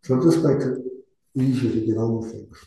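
Mellow-voiced man teaching meditation, echoey room. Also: mid-range voice, a little fast, a little hiss or hum. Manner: relaxed, conversational, self-deprecating. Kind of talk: dharma talk and guided meditation.

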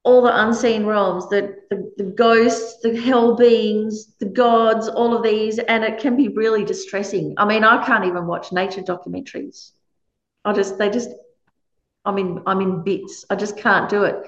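A woman's voice: fairly high pitch, echoey room, highs cut off. A woman giving an earnest, conversational Buddhist teaching, full of chatty asides. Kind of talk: conversational dharma talk.

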